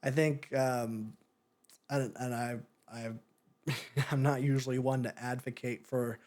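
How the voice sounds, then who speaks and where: A man's voice: mid-range voice, steady tone, takes it slowly, a little mellow. A young man hosting a podcast, chatting casually about a movie with lots of fillers, restarts and tangents. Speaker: podcast host. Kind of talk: casual film review chat.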